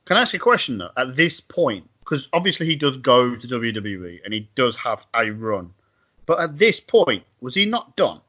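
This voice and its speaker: A man co-hosting a podcast, recapping events in a wry, animated way. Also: mid-range voice, normal speed, dull audio. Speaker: podcast co-host. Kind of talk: casual podcast chat.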